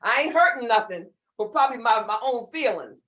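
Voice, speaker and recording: A woman from the United States with a Southern drawl, leading an online leadership workshop in a lively, folksy and playful way. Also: a little high, a little fast. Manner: animated, folksy, playful, repeats herself. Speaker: leadership speaker. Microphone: computer mic on a video call.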